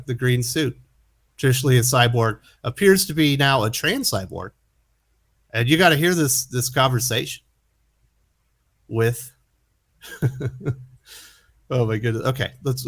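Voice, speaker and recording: A man hosting a comic book commentary, sarcastic and incredulous, often chuckling at what he reads. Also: medium pitch. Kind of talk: opinion commentary.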